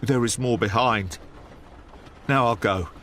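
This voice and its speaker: A man's voice: medium pitch, takes it slowly, fairly bright tone, a little hiss or hum. A man reading an audiobook, voicing a thin, nervous male estate manager who shoots out short, breathless sentences. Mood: agitated.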